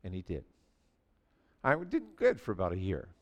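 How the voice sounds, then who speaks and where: A man in his sixties preaching a sermon in a church, telling stories animatedly and swinging from quiet asides to near shouting. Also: low-pitched, huge pitch swings, normal speed. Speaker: pastor.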